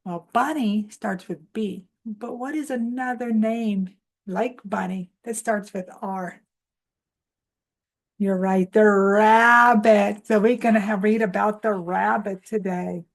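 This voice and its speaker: Slow, coaxing woman teaching toddlers. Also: mid-range voice, darkish tone. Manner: coaxing, leads clap-along chants for toddlers; asks questions and answers for the children. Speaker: preschool teacher host. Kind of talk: children's morning lesson.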